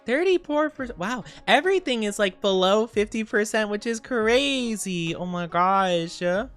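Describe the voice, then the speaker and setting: Woman, young adult, sleepy streamer, casual chat, clear smooth tone, faint music behind. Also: mid-range voice, expressive, a little slow. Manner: chatty, warmly greets and reads chat. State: tired, low on sleep. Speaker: VTuber streamer.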